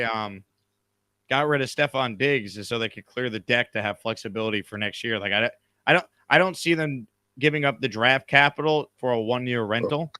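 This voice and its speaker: A man hosts a live sports talk stream, rambling and joking as he stumbles over his words. His voice is bright and forceful, recorded dry and close. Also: mid-range voice, no room sound. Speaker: host.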